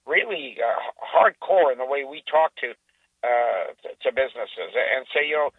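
Halting man on a tinny phone line. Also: mid-range voice, lively intonation, slightly rough, no room sound. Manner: halting, many fillers and restarts. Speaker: phone-in guest. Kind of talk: talk show discussion.

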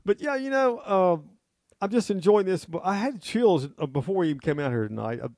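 An older man hosts a radio show in loose, rambling chat, with frequent laughs. His voice sits a little high. The studio sound is dry and close. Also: expressive, normal speed, a little mellow, no echo. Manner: folksy, rambling, laughs often. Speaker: radio host.

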